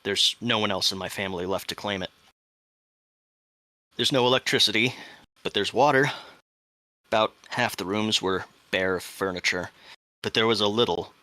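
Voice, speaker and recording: A man acting as game master, giving a dramatic first-person statement reading in a measured way that drops to hushed tones at the tense moments. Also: fairly low pitch, no echo.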